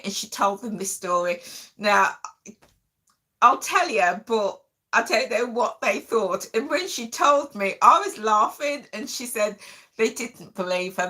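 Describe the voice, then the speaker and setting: Bright-voiced woman telling a story. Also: medium pitch. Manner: emotional, animated storytelling. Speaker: vlogger host. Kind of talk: casual storytelling.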